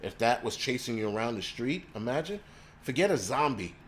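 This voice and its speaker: A man's voice: medium pitch, expressive, brisk, a little hiss or hum. A man hosting a livestream, ranting crudely and rambling while he answers viewers' chat. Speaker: livestream host.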